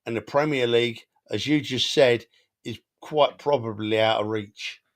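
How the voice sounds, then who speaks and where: A man's voice: medium pitch, normal speed. A man co-hosting a football podcast, talking emotionally and animatedly, often repeating himself. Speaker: podcast co-host. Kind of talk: casual football chat.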